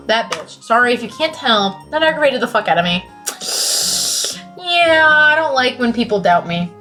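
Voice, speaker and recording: Profane, excitable young woman streamer. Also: on the high side, normal speed, soft background music. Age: late teens. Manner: profane, excitable, swings from loud to mumbled. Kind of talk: casual chat.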